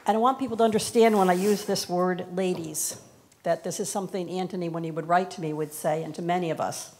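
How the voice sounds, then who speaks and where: A woman giving a heartfelt farewell speech to a departing minister in a church, in a halting, reflective way. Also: fairly low pitch, steady tone, a little mellow, some chatter behind. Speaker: congregation member giving a tribute. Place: church sanctuary.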